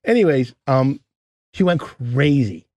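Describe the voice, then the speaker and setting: A man's voice: mid-range voice, expressive, slow, dark tone, no echo. A man co-hosting a podcast, telling a story in casual chat and acting out the other people's voices as he goes.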